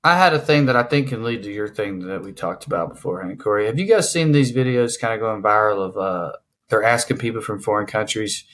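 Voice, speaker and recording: A man's voice: fairly low pitch, a little fast, a bit bright, a little hiss or hum. Rambling podcast host, a man. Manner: explanatory, rambling with lots of "like". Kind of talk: casual podcast chat.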